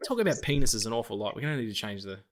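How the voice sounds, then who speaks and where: A man's voice: on the low side, expressive, rapid-fire. A man co-hosting a casual film podcast, swearing freely, laughing often and acting out quoted movie lines. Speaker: podcast co-host.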